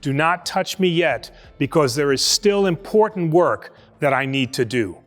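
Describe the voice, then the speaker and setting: A man voicing Jesus as a calm, gentle risen man, speaking low, soft and solemn. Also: measured pace, big-room sound.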